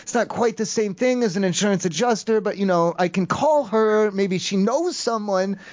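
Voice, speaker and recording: Prank caller, male, fairly high voice, rambling and meandering, muffled lo-fi phone audio. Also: normal speed. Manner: rambling, meandering storytelling with many fillers.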